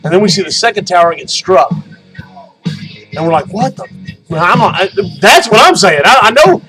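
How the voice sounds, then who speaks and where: A middle-aged man with a high-pitched voice tells a long, rambling story as he hosts his own podcast. He swears freely and breaks into loud outbursts. Faint music plays underneath. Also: lively intonation, moderate pace, rough recording. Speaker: podcast host. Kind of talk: casual monologue podcast.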